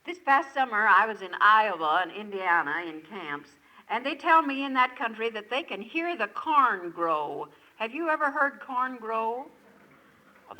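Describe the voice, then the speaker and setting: A woman's voice: on the high side, pushed and bright, low-quality recording. An older woman speaking at a lakeside retreat camp, giving a devotional talk full of effusive rhetorical questions to her listeners.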